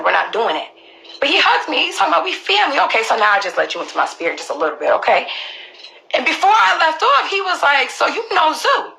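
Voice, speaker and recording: A woman's voice: fairly high pitch, vocal fry, pushed and bright, low-quality recording. A woman, telling her own story to viewers in an emphatic, profane way. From Queens, New York. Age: early 20s. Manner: emphatic, profane, restarts often.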